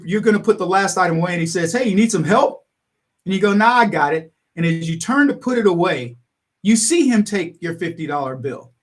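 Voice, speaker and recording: A male talk radio host speaking in a fairly high voice that swings widely up and down. He tells stories animatedly, acts out other people's lines and chuckles between his points. The delivery is political livestream commentary.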